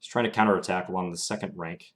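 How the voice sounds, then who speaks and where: A young man streaming chess live, calmly thinking aloud through his moves in a casual, analytical way. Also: deep voice, fast.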